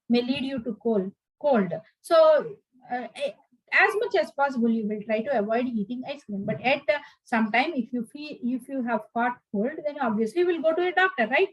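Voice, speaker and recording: A woman's voice: sits high, dry recording, rough recording. A woman giving an earnest advice lecture, full of fillers and restarts. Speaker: instructor.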